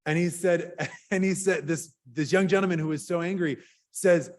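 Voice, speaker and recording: A man's voice: high-pitched, normal speed. Earnest rabbi man, conversational sermon. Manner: earnest, conversational, with fillers and lively swings in loudness. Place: synagogue sanctuary.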